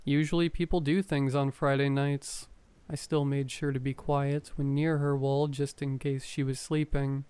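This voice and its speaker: Smooth-voiced man narrating horror. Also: medium pitch, flat delivery, normal speed, warm tone. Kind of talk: scripted first-person horror narration.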